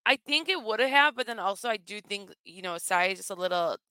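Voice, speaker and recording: A woman talks loosely on a podcast with a smooth, clear voice. Her tone is bright while her pitch sits a bit low. She is recorded dry and close. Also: animated, fairly quick, dry recording. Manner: casual, lots of "like" and restarts. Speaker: podcast co-host. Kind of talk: casual chat.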